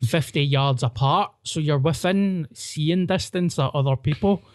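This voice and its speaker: A man's voice: fairly high pitch, a little slow, no room sound, clean studio sound. A Scottish man hosting a podcast, telling crude stories in casual chat with lots of laughter. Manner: crude, animated storytelling with frequent laughter. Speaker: podcast host.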